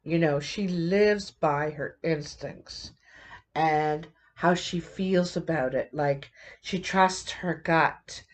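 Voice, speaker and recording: Slow, musing woman reading tarot. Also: low voice. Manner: musing, halting, thinks aloud with many fillers. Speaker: tarot reader.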